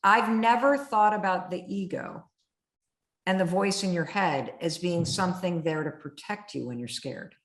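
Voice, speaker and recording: A middle-aged woman hosting an interview, telling stories in an animated, vivid way. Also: lowish voice, moderate pace. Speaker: host. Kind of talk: conversational interview. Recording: roomy echo.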